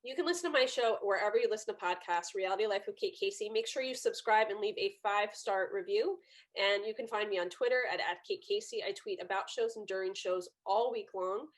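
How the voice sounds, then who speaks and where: A woman guest on a podcast, telling lively, incredulous stories in casual chat. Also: medium pitch, a little fast. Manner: animated storytelling, incredulous.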